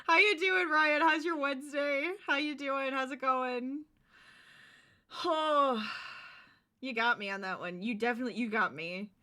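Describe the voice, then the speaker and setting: A woman chats with her stream audience as she crochets, her voice bright and a touch high. She is bubbly and laughs easily. It sounds like a desk mic in a room at home. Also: steady tone, unhurried. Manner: bubbly and giggly, chatting to viewers. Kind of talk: casual chat while crocheting on stream.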